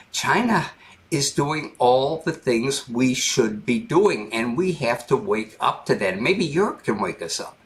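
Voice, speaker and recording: An American man speaking as a guest in an interview, earnest and halting, often restarting his sentences. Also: medium pitch, fairly bright tone. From United States. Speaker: guest commentator. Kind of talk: interview conversation.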